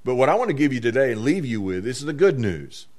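Animated male preacher, lively pitch. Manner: animated preaching, stretching key words slowly for emphasis. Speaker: pastor. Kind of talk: sermon. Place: church.

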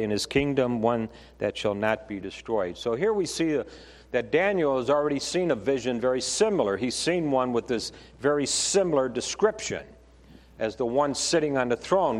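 A man's voice: medium pitch, animated, moderate pace. A man preaching a Bible teaching sermon in a conversational way, often restarting his phrases. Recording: long reverb of a hall.

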